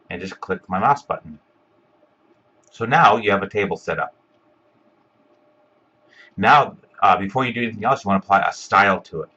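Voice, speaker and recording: A man giving a step-by-step screencast software tutorial, talking casually with lots of ums and uhs. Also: low voice, breathy edge, highs cut off. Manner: step-by-step, filler-heavy with frequent ums and uhs. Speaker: instructor.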